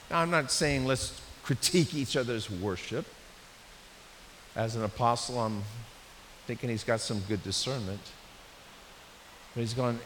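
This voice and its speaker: A man preaching a sermon in a church, in a conversational, animated way with frequent restarts. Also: fairly high pitch, measured pace, long pauses. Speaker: pastor. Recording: echoey hall with faint hiss.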